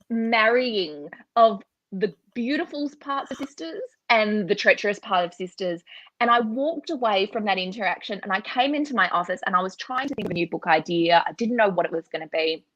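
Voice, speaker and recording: A woman, a guest author telling a family story in animated conversation over a video call, laughing often as she talks. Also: a little high, normal speed, rough recording.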